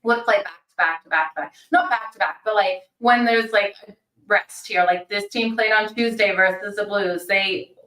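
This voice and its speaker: A woman hosting a daily hockey betting show, talking fast and chatty, thinking out loud with fillers. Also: medium pitch, distant mic. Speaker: sports betting show host. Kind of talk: casual fast-paced hockey picks talk. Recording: roomy sound from off-mic.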